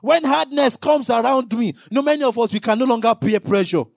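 A man preaching a sermon in an impassioned way, now and then rising into shouted emphasis. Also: very high voice, fairly quick, vocal fry, no room sound, clean studio sound.

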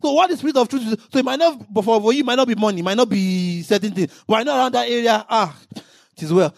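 A man preaching a sermon in an impassioned way, now and then rising into shouted emphasis. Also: very high-pitched, fast, gravelly, no echo, clean studio sound.

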